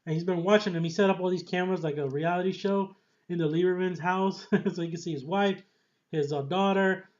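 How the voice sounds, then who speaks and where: A man reviews a TV series casually, rambling excitedly, laughing often, and trailing off into fillers. His voice sits high and moves fairly quickly, and the recording sounds dull and lo-fi.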